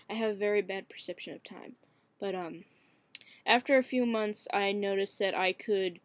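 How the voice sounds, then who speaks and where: A man's voice: sits high, no room sound. Hesitant young man, cracking voice. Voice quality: voice cracks and turns shaky. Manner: hesitant, many fillers, frequent swearing. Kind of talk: casual webcam vlog.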